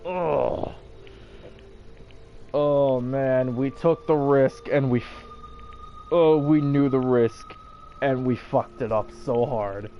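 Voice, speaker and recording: A man's voice: mid-range voice, slow, pauses often, dark tone, muffled recording, faint music behind. A man streaming a game, casually commenting in an exasperated way and swearing a lot. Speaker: let's play streamer.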